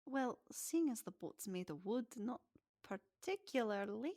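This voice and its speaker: A woman voicing a gruff old male ship captain who blusters and makes joking threats. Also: on the high side, lively intonation, measured pace, a little mellow, no echo, clean studio sound. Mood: matter-of-fact.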